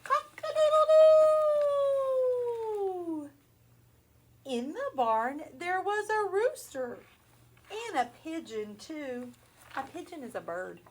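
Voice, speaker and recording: A woman teacher reads a picture book aloud to young children in a slow, storytelling cadence. Her voice sits high and swoops up and down as she asks the class questions and breaks into animal noises. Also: big pitch swings.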